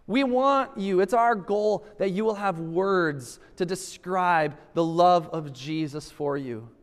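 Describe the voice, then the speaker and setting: A man's voice: high-pitched, long reverb tail. A male pastor preaching a sermon, emphatic and repeating rhetorical questions to press his point.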